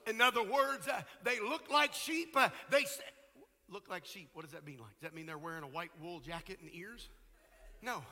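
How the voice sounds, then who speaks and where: A middle-aged man preaching a sermon as pastor, emphatic, with rhetorical questions and quieter asides. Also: high-pitched, lively intonation, brisk, in a large hall.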